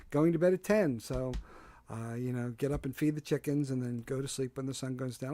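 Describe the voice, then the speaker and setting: Fairly quick and dark in tone, a mid-range male voice comes through a desk mic with no room sound. He hosts a solo porch livestream in a Delco Philly accent, rambling casually, poking fun at himself, and leaning on fillers.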